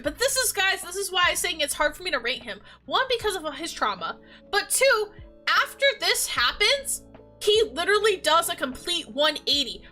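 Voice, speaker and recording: A woman livestreamer chats casually, retelling a game story in an animated, rambling way packed with filler words. Her voice sits very high and sounds bright and forceful. Faint music plays behind her. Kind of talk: casual chat recapping a game.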